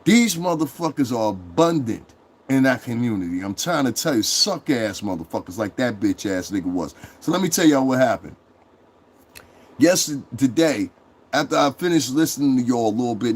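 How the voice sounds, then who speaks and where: A man's voice: mid-range voice, lively intonation, moderate pace. Brief: male streamer, heated profane rant to chat, mid-range voice, repeats himself for emphasis. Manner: angry, profane, repetitive ranting. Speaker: online streamer.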